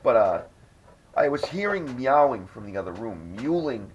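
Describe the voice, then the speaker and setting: A man's voice: mid-range voice, very animated, normal speed. A man hosting a casual podcast, telling a rambling, profanity-laced story. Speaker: podcast host. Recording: dull lo-fi audio with faint noise.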